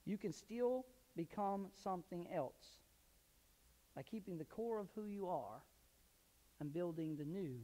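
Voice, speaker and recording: A male pastor preaching a sermon in a church, telling personal stories and swinging into loud emphatic bursts. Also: high-pitched, expressive, measured pace, pauses often. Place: church sanctuary. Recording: long hall reverb.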